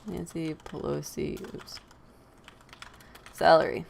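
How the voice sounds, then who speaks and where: Woman, deep voice, vocal fry, opinionated podcast chat, laughing and sighing. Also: slow, slight background noise. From United States. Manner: animated, laughs often, sighs. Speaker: podcast host. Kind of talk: opinionated casual commentary.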